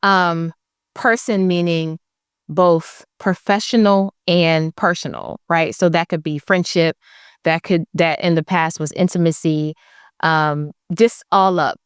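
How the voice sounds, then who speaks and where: A woman's voice: fairly low pitch, fairly even intonation, slow pace, clear, resonant tone, no echo, clean studio sound. A woman guest on a podcast, telling her own stories in a blunt, emphatic, candid way. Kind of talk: candid conversational storytelling.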